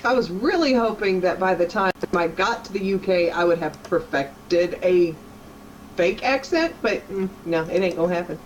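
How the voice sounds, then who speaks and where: A woman's voice: on the low side, animated, moderate pace, highs cut off, slight background noise. A woman from Texas, co-hosting a casual stream chat in a sassy, teasing way. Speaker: co-host.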